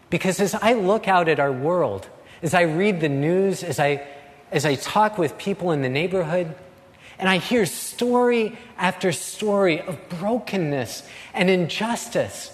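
Slow, earnest preaching man. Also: on the high side, big-room sound. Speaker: pastor. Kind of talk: sermon.

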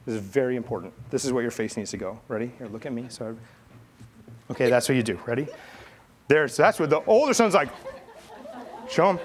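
A man's voice: medium pitch, expressive, fast, some chatter behind, a little hiss or hum. A man telling a Bible story to children in a playful, chatty way, directing kid volunteers. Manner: playful, chatty, coaxing kids. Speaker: pastor leading a children's message.

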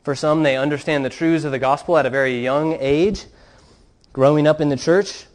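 A man preaching a sermon in an earnest, steady way, telling stories to his congregation. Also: fairly high pitch, normal speed. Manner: earnest preaching, reads quoted account with rising fervor. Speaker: pastor.

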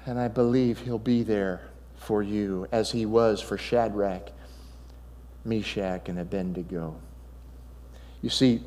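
A male pastor delivers a sermon, narrating Bible stories with animation and alternating between loud, excited stretches and hushed ones. His voice sits on the low side, and he is recorded in a large hall.

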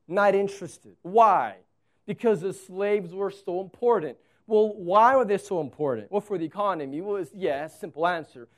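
A man in his thirties preaching a sermon as pastor, telling stories and acting out conversations with animated delivery. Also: sits high. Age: 30s. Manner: animated storytelling, acts out dialogue.

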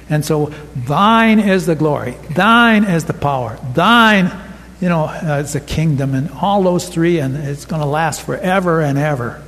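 A man with a high voice preaches a sermon at a slow, deliberate pace, stopping often to pause and restart his phrasing. His words ring out with a long reverb, as if he stands in a large church hall. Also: a little hiss or hum. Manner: unhurried, with many pauses and restarts. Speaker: pastor.

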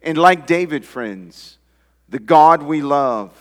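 A man's voice: lively intonation, slow pace. Preaching male pastor in reverberant hall. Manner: preaching with emphatic rises in pitch and volume. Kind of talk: sermon.

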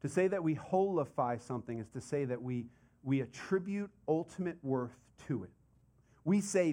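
Animated conversational male preacher. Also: on the high side, moderate pace. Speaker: pastor. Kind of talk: sermon.

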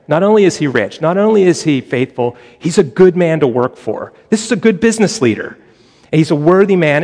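A man's voice: on the high side, long reverb tail. A male pastor preaching a conversational sermon, acting out quoted lines and adding humorous asides.

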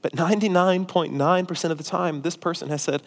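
A man preaches from the pulpit with a fairly high, emphatic delivery, pressing his points hard before easing into a gentler pastoral tone. His voice carries through a church sanctuary with a long, ringing reverb. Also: fairly even intonation, brisk, vocal fry, few pauses. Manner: forceful, emphatic preaching that drops to quiet pastoral tones. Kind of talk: sermon.

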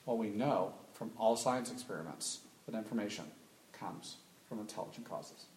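A man speaking to a live audience, animated and emphatic, firing off rhetorical questions and repeating key points. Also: fairly low pitch, moderate pace, a little hiss or hum. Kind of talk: live talk with call-and-response. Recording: echoey room.

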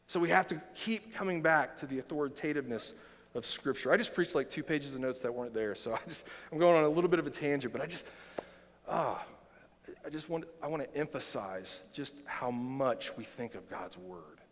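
A man's voice: fairly high pitch, fairly quick. Earnest preacher man in a reverberant hall. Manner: earnest, emphatic, repeats lines for stress. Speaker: pastor. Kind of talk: sermon.

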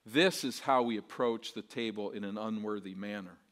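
Preaching a sermon, a male pastor speaks earnestly and rhetorically at a moderate pace with a fairly low pitch. He leans on rhetorical questions and repeated phrases, swinging between soft, quiet lines and emphatic ones.

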